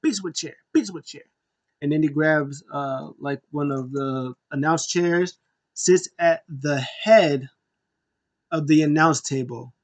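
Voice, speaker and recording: A man giving a casual, excitable recap of a wrestling show, acting out scenes in raised voices. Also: fairly high pitch, slow pace.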